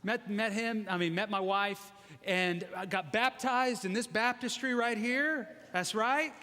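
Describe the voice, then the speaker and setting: High-voiced man preaching in a reverberant church. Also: unhurried, bright, forceful tone. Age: 40s. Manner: chatty, self-deprecating, joking with the congregation. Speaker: guest preacher. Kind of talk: conversational sermon. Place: large church sanctuary. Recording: long reverb of a church hall.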